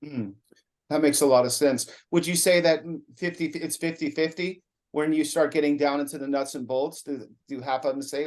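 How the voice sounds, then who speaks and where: Talkative man podcast host, slightly high voice. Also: steady tone, brisk, darkish tone. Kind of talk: interview hosting.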